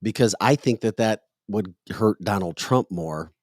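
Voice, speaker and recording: A man's voice: fairly low pitch, a little slow, no room sound, clean studio sound. Emphatic joking male podcast host. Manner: emphatic, joking, lectures in a scolding tone. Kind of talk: casual political chat.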